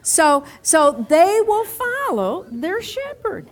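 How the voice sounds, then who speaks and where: A woman's voice: high voice, very animated, unhurried, a little mellow. A woman teaching a Bible lesson with props, acting out scenes and adding chuckling asides.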